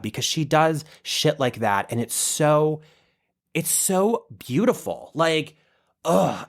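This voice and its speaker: A man hosting a podcast, gushing in a casual, profane monologue about his favourite reality stars. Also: a little high. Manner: animated, profane, gushing fan talk. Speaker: podcast host.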